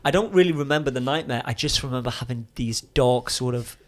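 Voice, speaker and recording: A young man, a podcast guest, telling a story in a casual, animated way with casual swearing and chatty asides. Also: mid-range voice, brisk.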